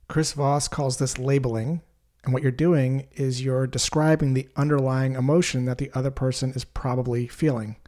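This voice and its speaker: A man, a sales trainer, telling a story as a scripted lesson in a measured, explanatory way. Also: mid-range voice, darkish tone.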